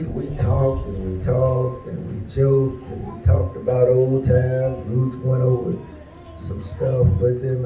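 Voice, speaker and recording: A man telling a personal story at a tribute, unhurried and folksy, with frequent pauses and fillers. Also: mid-range voice. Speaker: speaker at a memorial tribute. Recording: roomy, distant mic, faint background noise.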